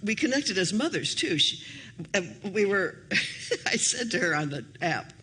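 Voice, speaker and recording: An older woman minister giving a sermon in a chatty, anecdotal way, her pitch swinging up and down as she tells stories. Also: very animated, a little slow, pushed and bright, slight background noise. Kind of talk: storytelling sermon. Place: church hall.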